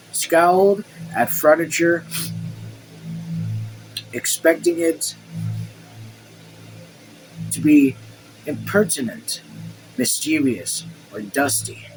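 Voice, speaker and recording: Man reading a novel aloud, halting. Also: on the high side, slight background noise, rough recording. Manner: slow, halting reading with chatty asides. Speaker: read-along host. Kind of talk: casual novel read-aloud.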